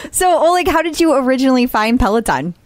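A woman's voice: high voice, big pitch swings, fast, very noisy. A woman co-hosting a casual podcast, reading ads and chatting in an upbeat, enthusiastic way. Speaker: podcast co-host. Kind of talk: casual podcast chat and ad reads.

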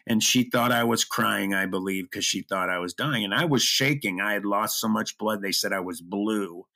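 A middle-aged man telling a personal story as an interview guest, earnest and emotional, with halting restarts. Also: on the low side, creaky, sharp tone.

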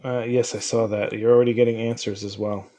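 A man hosting a casual podcast, relaxed and chuckly, with lots of fillers. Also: lowish voice, a little fast. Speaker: podcast host.

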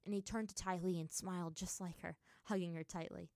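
Brief: female narrator reading a fantasy story, slightly low voice, dry recording. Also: steady tone, fairly quick, mellow, dry recording. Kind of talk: reading fan fiction aloud.

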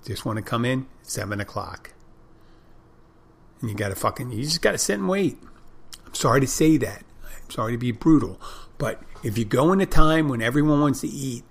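A man's voice: medium pitch, lively intonation, fairly quick, gravelly, pauses often, husky. A man hosting a podcast, talking in a casual, rambling monologue, blunt and swearing freely, often restarting and repeating himself. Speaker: podcast host.

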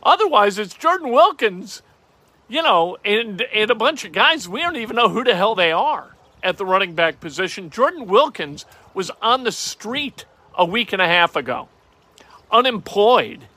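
Animated wisecracking male sports host. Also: high-pitched, normal speed, dry recording. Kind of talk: casual opinionated sports talk.

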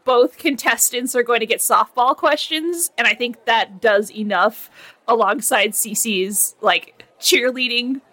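A woman's voice: a little high, unhurried, fairly bright tone. A woman playing in a tabletop game, talking in a hesitant, giggly way. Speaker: player.

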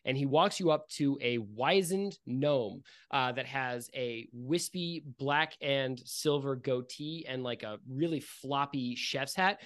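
A man's voice: medium pitch, a bit bright, no echo, studio quality. A man narrating as game master, rambling and repeating himself with lots of "like". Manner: rambling, repeats words, many "like"s.

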